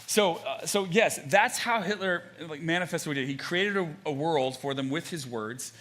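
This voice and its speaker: Young male pastor, conversational sermon, bright forceful tone, slightly high voice. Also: normal speed. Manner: animated, conversational preaching with many fillers and restarts.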